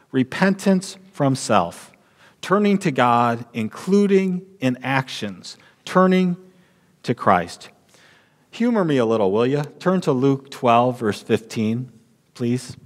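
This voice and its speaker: A man preaching a sermon as pastor in a church sanctuary, measured and deliberate, repeating key lines for emphasis. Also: mid-range voice, very animated, big-room sound.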